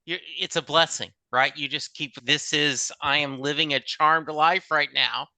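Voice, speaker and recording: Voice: medium pitch, measured pace, no room sound. A podcast host chatting casually with a guest and affirming her with short replies. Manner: relaxed, brief affirmations.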